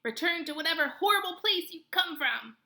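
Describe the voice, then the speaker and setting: A small, frightened weasel squeaks out his words high and anxious, as a woman reading a storybook aloud puts him on. The voice is bright and pinched, with a gravelly edge. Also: lively intonation, fairly quick, exaggerated voice.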